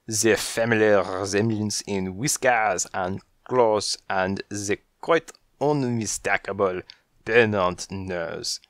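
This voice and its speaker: A man voicing a fussy, elegant tomcat, talking slowly and precisely in a storybook reading. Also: fairly low pitch, dry recording, clean studio sound. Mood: suave. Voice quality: slow, precise, mannered. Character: fussy elegant French tomcat, smooth and slow.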